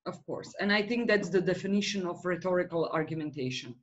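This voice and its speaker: A woman's voice: fairly low pitch, lively intonation, a little fast, dull audio, slight background noise. A woman being interviewed as a researcher, explaining her ideas thoughtfully with frequent hesitations. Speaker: guest researcher in rhetoric. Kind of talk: academic interview.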